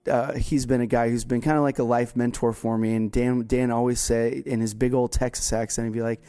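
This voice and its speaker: A man's voice: medium pitch, little pitch movement, a little fast, dark tone, smooth. A man co-hosting a casual chat, rambling and self-deprecating with many restarts. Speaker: co-host.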